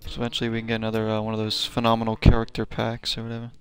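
Chill guy streamer talking over his game, kinda gravelly, rambly and easygoing. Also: on the low side, monotone, racing, soft background music. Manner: laid-back, chatty, trailing off with fillers. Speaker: gaming streamer. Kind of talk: casual live-stream game commentary.

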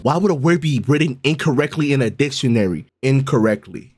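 Animated, excitable young man streaming. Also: mid-range voice, a little fast, soft background music. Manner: loud, excitable, profane, bursts into shouts. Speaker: streamer reacting to a riddle video. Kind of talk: casual live reaction.

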